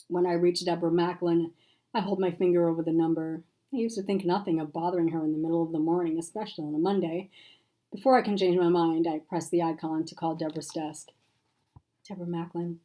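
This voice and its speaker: A woman author reads her own novel in first person, with a measured, expressive delivery. Her voice is mellow and somewhat low. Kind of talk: first-person audiobook narration.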